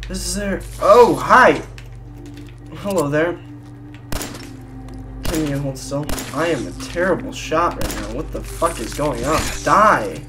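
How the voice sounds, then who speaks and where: A gamer giving casual, crude, joking commentary while playing, often bursting into loud laughter. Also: mid-range voice, lively intonation, takes it slowly, pauses often, faint music behind. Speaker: let's play gamer.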